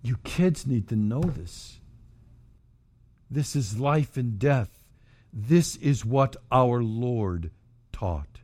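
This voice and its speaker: A man preaching a sermon as pastor, moving from quiet, low passages to shouted, emphatic outbursts. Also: animated, takes it slowly, long pauses.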